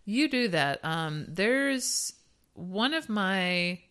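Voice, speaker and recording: A woman co-hosting a podcast in casual chat, animated and giggly as she tells stories. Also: medium pitch, drawn-out words, clean tone. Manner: chatty, giggly, animated storytelling. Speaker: podcast co-host.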